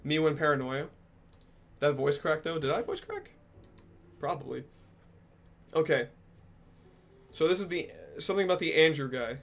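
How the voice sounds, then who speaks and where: A young man streaming casually, reading out and answering chat messages, joking and swearing with sudden loud outbursts. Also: on the high side, big pitch swings, moderate pace, vocal fry, pauses often.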